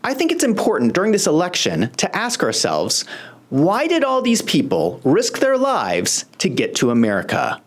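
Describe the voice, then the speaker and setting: Host, political commentary, sarcastic, very lively intonation, mid pitch. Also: normal speed. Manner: sarcastic, pointed.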